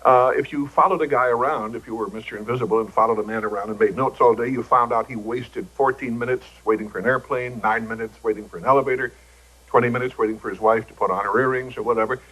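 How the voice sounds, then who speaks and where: Older male raconteur, husky voice, dry jokes, old broadcast sound. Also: mid-range voice, steady tone, quick pace, fairly bright tone, rough recording. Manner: wry, joking raconteur acting out quoted voices. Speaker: talk show guest. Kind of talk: anecdotal talk show storytelling.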